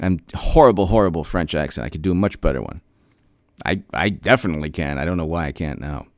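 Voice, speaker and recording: Sarcastic man ranting, smooth dry voice. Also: extremely low pitch, fast, no echo. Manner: sarcastic, heated, repeats himself; clears throat often. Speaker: political commentator. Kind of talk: opinion rant vlog.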